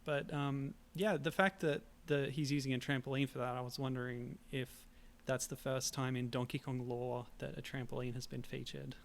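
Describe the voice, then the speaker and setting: Brief: male co-host, gravelly voice, easy chatty delivery. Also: mid-range voice, level tone, moderate pace, few pauses, slight background noise. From Australia. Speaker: podcast co-host. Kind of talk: casual chat.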